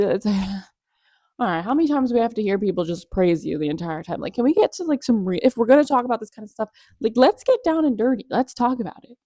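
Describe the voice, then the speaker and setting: A woman's voice: medium pitch, lively intonation, fast, mellow, no room sound, studio quality. A young adult woman hosting a casual commentary vlog, chatty and gossipy with sarcastic asides. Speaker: commentary vlogger.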